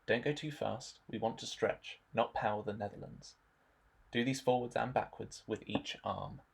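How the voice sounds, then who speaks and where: A young man narrating a stretching warm-up demonstration in a relaxed instructional voice-over, adding dry jokes. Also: on the low side, moderate pace, creaky, a little hiss or hum. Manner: dry, joking asides.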